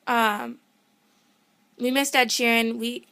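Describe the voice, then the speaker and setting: A young woman telling a story in a casual vlog, excitable and rambling, often cutting herself off to start over. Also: fairly high pitch, normal speed, vocal fry. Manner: excitable, rambling, self-interrupting; gushing fan enthusiasm. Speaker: vlogger.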